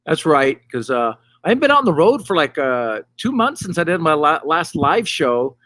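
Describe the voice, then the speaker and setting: Middle-aged male comic, raised pitch, dry close sound, rambling deadpan stand-up. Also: moderate pace, no echo. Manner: rambling, loose delivery with deadpan punchlines. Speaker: stand-up comedian, host. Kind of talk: casual stand-up monologue to camera. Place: hot tub. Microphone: camera mic.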